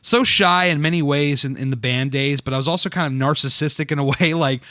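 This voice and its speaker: A man's voice: on the high side, a little fast, pushed and bright, dry recording, studio quality. A man, hosting a casual podcast chat, rambling and self-deprecating with frequent laughs. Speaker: podcast host. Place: dining room.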